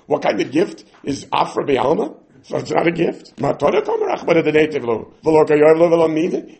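A man teaching a Talmud lesson, animated and acting out the voices of the sages and side characters as he explains. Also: on the high side, creaky.

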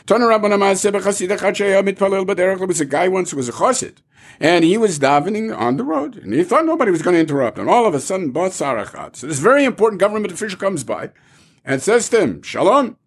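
A man teaches a Talmud class in a lively, rising-and-falling voice, firing off rhetorical questions. His tone is fairly high with a husky grain. He mixes Hebrew terms into casual explanation. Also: fast.

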